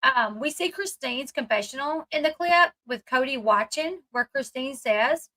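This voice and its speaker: High, bright-voiced woman recapping chattily. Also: expressive, unhurried, few pauses, poor audio. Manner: chatty retelling, acting out quotes with many "like"s. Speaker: commentary channel host. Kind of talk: casual commentary recap.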